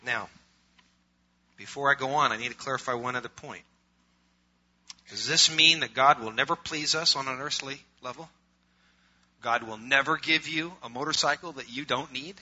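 A middle-aged male pastor preaching a sermon, swinging from loud emphatic preaching to quiet conversational asides. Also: medium pitch, moderate pace, pauses often. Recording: muffled lo-fi recording.

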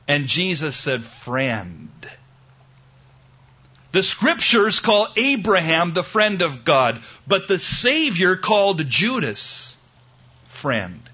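Dramatic preacher man, bright dull recording. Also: high-pitched, very animated, takes it slowly, husky. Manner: dramatic, swings from loud exclamations to hushed tender quotes. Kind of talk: sermon.

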